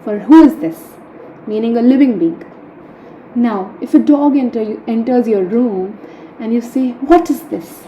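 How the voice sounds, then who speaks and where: Mellow-voiced woman teaching grammar, echoey room. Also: fairly high pitch, unhurried. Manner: patient, repeats key points with "right?". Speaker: French teacher. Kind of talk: explaining grammar step by step. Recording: echoey room, faint hum.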